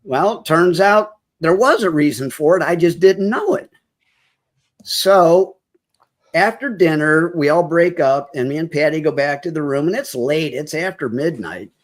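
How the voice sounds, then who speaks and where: Man with a higher voice telling a story. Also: expressive, a little slow. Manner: vivid storyteller who acts out quoted dialogue; emotional, close to tears at moments. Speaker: podcast guest. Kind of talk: personal storytelling.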